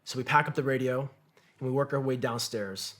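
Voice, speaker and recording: A man's voice: mid-range voice, brisk, fairly bright tone. Man telling a profane war story. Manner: acts out quotes of others. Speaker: podcast guest, combat veteran. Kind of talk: storytelling in conversation.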